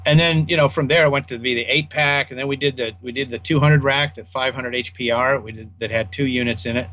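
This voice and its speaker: A man's voice: medium pitch, fairly bright tone, highs cut off, slight background noise. An older man, a guest audio designer, casually telling rambling anecdotes in an interview and acting out the people he quotes.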